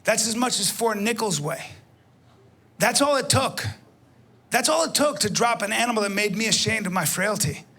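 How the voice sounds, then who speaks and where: A man in his fifties performing stand-up on a comedy club stage, telling a profane, animated story and often shouting into a handheld mic. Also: high voice, moderate pace. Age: 50s.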